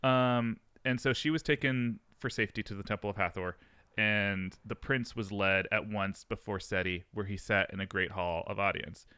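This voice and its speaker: Smooth-voiced man retelling a myth. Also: fairly low pitch, fairly even intonation, moderate pace, sharp tone, dry recording. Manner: chatty, hesitant, full of fillers and laughs. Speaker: podcast co-host and myth storyteller. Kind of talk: casual comedic storytelling.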